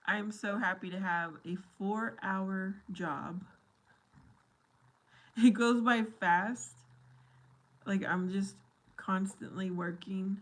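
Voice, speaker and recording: A middle-aged woman hosting a casual livestream chat with her viewers, silly and giggly. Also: medium pitch. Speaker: livestream host.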